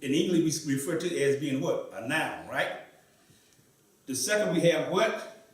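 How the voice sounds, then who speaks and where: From a distance in an echoey room comes a man's fairly high, expressive voice at a normal speed. He is teaching Arabic to a mosque class, frequently posing questions and echoing back what students answer.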